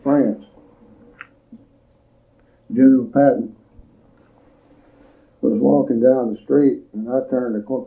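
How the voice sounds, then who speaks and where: An older veteran gives an oral history recollection, telling his memories in a plain, unhurried, measured way with frequent pauses. His gravelly voice holds an even, flat pitch, and the recording is thin and tinny, like an old tape played over a phone line.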